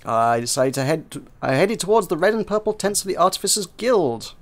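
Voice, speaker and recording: A man reading a narrative game aloud for viewers, narrating with frequent slips and restarts. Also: a little high.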